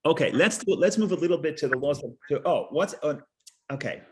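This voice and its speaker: A man teaching a Torah class, halting, repeating words and restarting, and explaining with stories and jokes. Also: on the high side, expressive, darkish tone.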